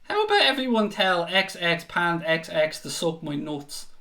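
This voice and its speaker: A man hosting a live football watchalong, commentating in a frustrated, sweary way with bursts of shouting. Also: sits high, very animated, normal speed. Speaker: watchalong host. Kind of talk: live fan reaction commentary.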